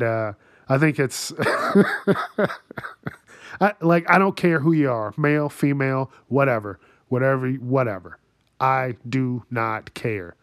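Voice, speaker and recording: A man's voice: mid-range voice, dry recording, clean studio sound. A man ranting crudely about news stories, laughing often between lines. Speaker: commentator. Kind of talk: profane news commentary.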